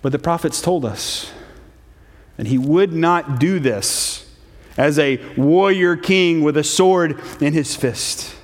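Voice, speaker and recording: A man preaching at an unhurried, deliberate pace, his voice pitched a little high. His sermon carries a solemn, measured weight as he reads scripture and leans on key phrases. A long reverb trails after his words, as in a large hall.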